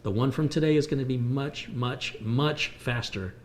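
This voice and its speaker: At a moderate pace and in a mid-range voice, a man from the United States hosts a livestream about fixing computers. He takes viewer questions and compares hardware to everyday things, with a little hiss or hum on the recording.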